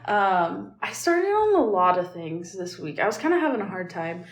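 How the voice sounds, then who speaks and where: A woman co-hosting a podcast in casual chat, her voice groggy and hoarse, rambling with fillers and restarts. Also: medium pitch, sing-song, normal speed. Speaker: podcast co-host. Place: tiled hotel room. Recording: echoey tiled room.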